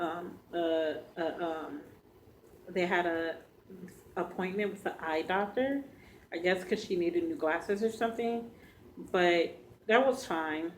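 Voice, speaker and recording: A woman vlogger telling a personal story to her viewers, earnest and halting, speaking straight to them. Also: lowish voice, a little hiss or hum, low-quality recording. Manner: earnest, addresses viewers directly; halting, emotional retelling.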